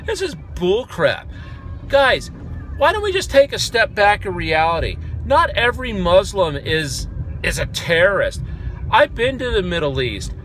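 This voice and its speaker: Bright, sharp-voiced American guy venting in his car, sarcastic and fired up. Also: high-pitched, big pitch swings, a little slow, a little hiss or hum. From United States. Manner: angry, sarcastic, loud outbursts. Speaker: vlogger. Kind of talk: ranting commentary.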